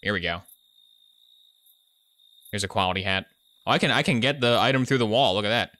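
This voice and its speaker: A man's voice: fairly low pitch, brisk, bright, forceful tone, dry recording. A young man commenting on his gameplay live, joking and muttering asides into a desk microphone. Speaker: gaming streamer.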